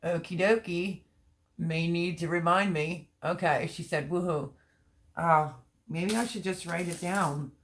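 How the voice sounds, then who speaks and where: A Pennsylvania woman with a lowish, slightly slow voice hosts a casual gardening livestream and reads viewer comments aloud. Her voice sounds strained from laughing and crying.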